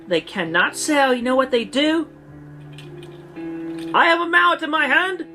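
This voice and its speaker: In an archived online video, a woman rants in a put-on, theatrical British-sounding accent, pompous and indignant. Her exaggerated voice is high, bright and forceful, with a sing-song lilt and a slightly slow pace, and faint music sits behind her.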